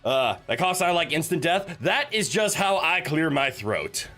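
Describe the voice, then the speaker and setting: Lively bright-voiced male streamer. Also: on the high side, a little slow, soft background music. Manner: chatty, joking, talks to chat; nervous, giggly. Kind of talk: casual live-stream chat.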